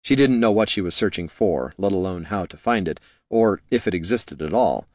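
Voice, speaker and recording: A man narrating a fantasy novel in a steady, measured way. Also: low-pitched, no echo, studio quality. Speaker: audiobook narrator.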